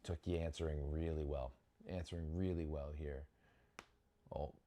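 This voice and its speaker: A young man with a very low voice talks through a match in casual live commentary. He reacts with sudden excited outbursts and often restarts his sentences as he watches, like a host chatting over the game. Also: normal speed, slight background noise.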